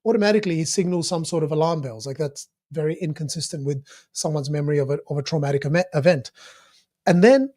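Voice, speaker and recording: Man, high voice, animated casual commentary full of fillers and restarts, analysing a clip. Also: fast.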